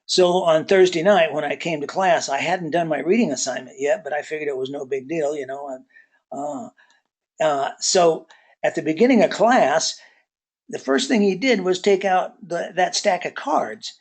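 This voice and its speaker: A man giving a relaxed webinar talk on workplace accountability, telling folksy personal stories with many pauses and filler words. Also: a little high. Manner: folksy storyteller.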